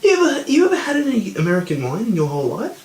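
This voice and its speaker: A man's voice: sits high, huge pitch swings, rapid-fire, a little mellow, reverberant, rough recording. A stoned man in casual chat who rambles, swears a lot, and keeps losing his train of thought. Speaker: podcast co-host.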